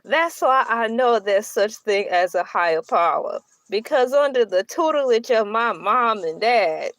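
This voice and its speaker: A woman's voice: on the high side, measured pace, no room sound. A middle-aged woman vlogging in a casual, joking chat, often slipping into put-on voices. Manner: joking, animated, puts on voices.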